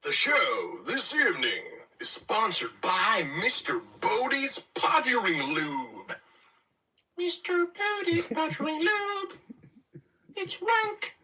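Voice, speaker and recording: A shrill falsetto ad announcer. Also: male voice, wildly swooping pitch, slow pace, sharp tone, husky, recorded from a distance, full character voice. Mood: hammy. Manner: mock advert announcing in a high falsetto. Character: shrill over-the-top male ad announcer.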